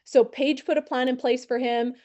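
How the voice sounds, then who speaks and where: A woman in her thirties who trains insurance agents, telling a lively story with acted-out quotes. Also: high voice, normal speed. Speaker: insurance and financial advisor training new agents. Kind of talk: storytelling talk to a team.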